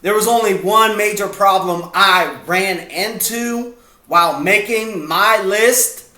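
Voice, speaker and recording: Man, vlog host, casual rambling chat, slow delivery, echoey room. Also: sits high, pushed and bright. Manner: rambling, playful, breaks off and restarts. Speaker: video host.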